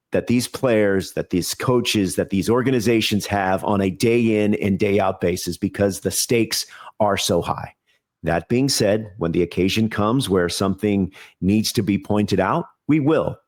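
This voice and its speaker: A man with a lowish voice talks in a measured, earnest way as a podcast guest. He often restarts his sentences and leans on fillers while he explains himself. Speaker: TV baseball show host, guest. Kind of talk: podcast interview.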